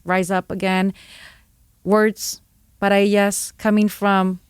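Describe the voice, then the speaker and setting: A woman co-host talks warmly and with feeling, moving easily into Spanish. Her pitch is medium, and the sound is dry and close. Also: flat delivery, takes it slowly, clean tone, no echo. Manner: warm, emotional, switches into Spanish. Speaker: podcast co-host. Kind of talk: casual interview chat.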